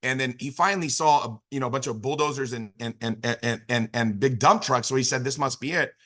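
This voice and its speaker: A man's voice: medium pitch, fairly quick, sharp tone. A man in his fifties giving a motivational business talk, telling a long story with frequent restarts and filler phrases. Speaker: business opportunity speaker.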